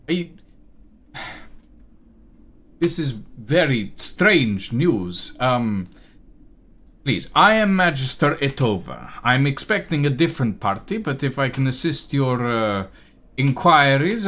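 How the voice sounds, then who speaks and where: A man voicing a tall, robed bugbear magister in a tabletop game, courteous but halting and distracted. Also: mid-range voice, big pitch swings, fairly bright tone, voice pushed up, exaggerated voice.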